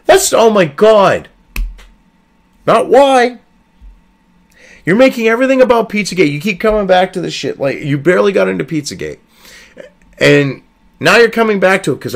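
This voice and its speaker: A man's voice: high-pitched, lively intonation, normal speed, gravelly, pauses often. A man hosting a political commentary video, reading an article aloud and cutting in with profane, sarcastic, exasperated remarks.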